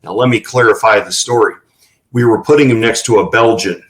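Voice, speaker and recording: A man's voice: fairly low pitch, fairly quick, fairly bright tone, poor audio. A man telling folksy anecdotes in a casual interview, with plenty of fillers. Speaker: ranch representative.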